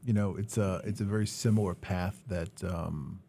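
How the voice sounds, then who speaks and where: A man's voice: low-pitched, moderate pace, creaky, slight background noise. A man hosting a podcast interview, telling stories casually and acting out the people he quotes. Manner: animated storyteller, acts out quoted dialogue. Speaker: podcast host.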